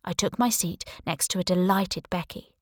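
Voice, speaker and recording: A woman's voice: fairly low pitch, moderate pace, darkish tone, no room sound, clean studio sound. A woman reading a first-person audiobook in a wry, conversational storytelling manner. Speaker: audiobook narrator.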